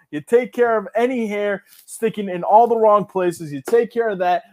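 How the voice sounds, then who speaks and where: High-voiced hyped-up guy plugging stuff. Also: moderate pace, hardly any pauses. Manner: loud, hyped, bro-ish banter. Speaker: guest podcaster. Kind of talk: casual podcast chat.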